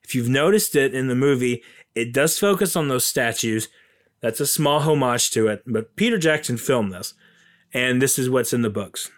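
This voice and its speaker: A man's voice: medium pitch, lively intonation, moderate pace. A man casually and enthusiastically retelling a film's plot, rambling with many fillers. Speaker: film commentator.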